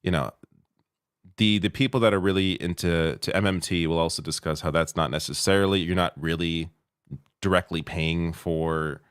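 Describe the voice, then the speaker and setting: A man's voice: deep voice, fairly even intonation, normal speed, clean tone, no echo, studio quality. A man co-hosting a political livestream, reading viewer questions and donations in a laid-back way, often chuckling and trailing off. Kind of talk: casual livestream chat.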